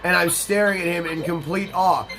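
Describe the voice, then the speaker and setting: A man's voice: high voice, steady tone, moderate pace, music in the background. A young man hosting a let's play, rambling through casual, profane gameplay commentary and stories.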